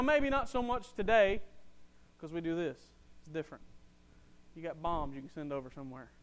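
A man preaching a sermon with passion, swinging from quiet to loud and repeating phrases for emphasis. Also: high-pitched.

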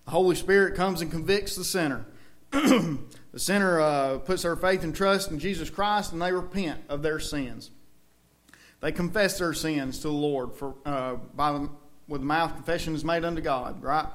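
A man's voice: on the high side, moderate pace, fairly bright tone. A man with a Southern US accent preaching a sermon in a church, folksy and conversational, with emphatic outbursts.

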